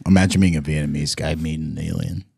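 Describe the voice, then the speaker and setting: A man's voice: rumbling low, fairly even intonation, quick pace, vocal fry, warm tone, husky. A man on a comedy podcast, talking in a rambling, profane, giggly way. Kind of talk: crude comedic banter.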